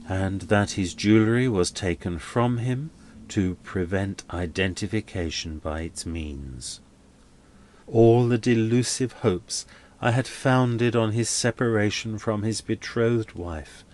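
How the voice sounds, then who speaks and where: A man's voice: deep voice, a little mellow. A man voicing a grieving, vengeful male choirmaster in a solemn, grim way.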